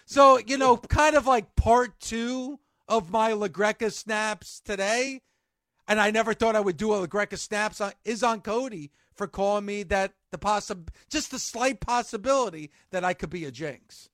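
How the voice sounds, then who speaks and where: A man hosting a wrestling podcast, talking in an excitable, animated, jokey way. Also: high voice, moderate pace, no echo, studio quality. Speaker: podcast host. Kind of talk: casual chat.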